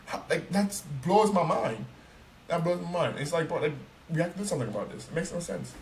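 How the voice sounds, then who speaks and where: A young man talking casually on a podcast, ranting in an animated, profane and emphatic way. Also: on the high side, brisk. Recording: roomy, distant mic, faint noise.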